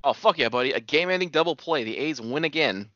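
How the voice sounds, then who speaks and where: A podcast co-host chats casually about a wrestling recap, swearing often and calling his friend buddy. His fairly high, sharp voice is expressive and quick, with no echo but a dull lo-fi sound.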